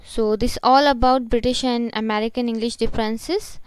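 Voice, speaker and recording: A woman giving a vocabulary lesson, explaining each word deliberately in short phrases. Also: fairly high pitch, fairly even intonation, smooth, no room sound, rough recording. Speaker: English teacher. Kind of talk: classroom-style vocabulary lesson.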